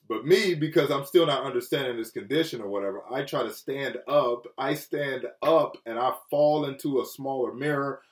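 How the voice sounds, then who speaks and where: A man preaching a sermon with earnest feeling, often dropping low and soft and then rising for emphasis. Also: moderate pace, few pauses, reverberant, recorded from a distance. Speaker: pastor. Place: Chicago.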